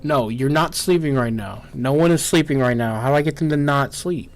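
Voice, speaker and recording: A man with a mid-range voice and a drawl narrates his game live into a desk microphone. He swears freely and repeats "no" in rapid streaks as his colony falls apart. His delivery swings between pleading and fed-up grumbling. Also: mid-range voice, gravelly. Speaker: gameplay streamer. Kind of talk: live gameplay commentary.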